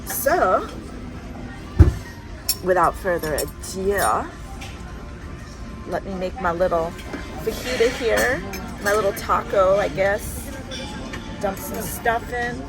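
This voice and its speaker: A woman's voice: medium pitch, takes it slowly, pauses often. A woman hosting a casual travel vlog, chatty and frank, complaining with humor. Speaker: vlog host. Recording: music playing underneath.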